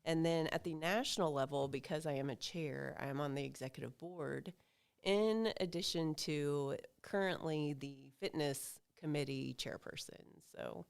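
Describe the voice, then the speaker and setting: A woman's voice: sits low, normal speed, creaky, clear, resonant tone. A woman guest on a podcast, explaining an organization's work in a matter-of-fact way. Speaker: guest, association officer. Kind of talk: casual podcast interview.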